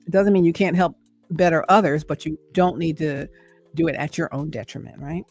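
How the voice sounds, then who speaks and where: A middle-aged woman hosts an inspirational faith talk to camera, her voice sitting low with fairly even intonation, a little fast and a little mellow. She's preachy and encouraging, repeating phrases and checking in with "right?" over soft background music.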